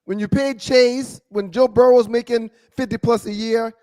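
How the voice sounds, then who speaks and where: High-voiced man posing pointed questions. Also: steady tone, a little mellow. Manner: leading questions, deliberate stresses. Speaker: sports talk co-host. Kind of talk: casual sports debate.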